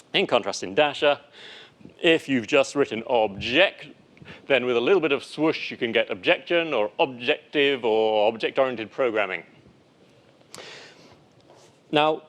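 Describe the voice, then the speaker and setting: A man lecturing and demonstrating software to an audience, lively and playful, with animated asides. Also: medium pitch. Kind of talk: live technical talk with demo.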